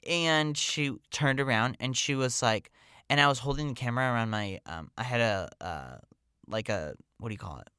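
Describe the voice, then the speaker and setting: A man's voice: mid-range voice, normal speed, pushed and bright, smooth, no room sound, clean studio sound. A man hosting a podcast, telling a personal story in a casual, rambling way full of "like" and "um".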